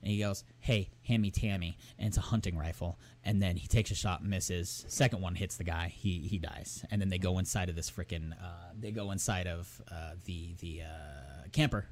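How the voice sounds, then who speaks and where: Young man, low voice, casual podcast chat, rambling retelling, acts out quoted lines. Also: normal speed, hardly any pauses, a little hiss or hum. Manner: rambling storyteller who acts out characters' lines. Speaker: podcast co-host. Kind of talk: casual chat, recapping a TV episode.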